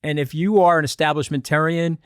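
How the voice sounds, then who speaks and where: Man, podcast guest, emphatic and animated, slightly high voice, close dry studio mic. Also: smooth, no room sound. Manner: emphatic, animated, rapid bursts of argument. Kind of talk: casual podcast discussion.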